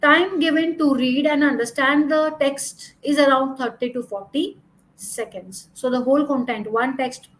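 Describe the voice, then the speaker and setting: A woman's voice: high voice, normal speed, low-quality recording. A woman exam coach teaching a lesson over slides, speaking in an instructive way, repeating her points and using "you know" as a filler.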